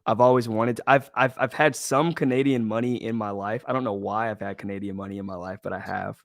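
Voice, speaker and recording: A man from the American Midwest, an actor and comedian, chatting easily as a guest over a video call, jokey and quick to laugh along. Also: lowish voice, fairly even intonation, gravelly, no room sound, studio quality. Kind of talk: casual interview chat.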